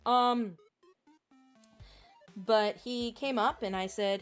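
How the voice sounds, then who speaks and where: A woman's voice: mid-range voice, unhurried, pauses often, soft background music. Rambling woman streamer, casual chat. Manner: rambling, many fillers, candid.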